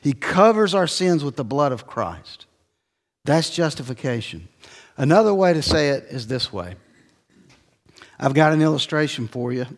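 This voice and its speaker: Middle-aged pastor teaching folksy and chatty, voice a bit on the high side, long church echo. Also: male voice, very animated, moderate pace, long pauses. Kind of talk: expository sermon.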